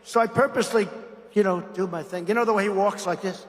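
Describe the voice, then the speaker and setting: A man's voice: high-pitched, quick pace, long reverb tail. A boastful, sarcastic man giving a campaign rally speech as a political speaker.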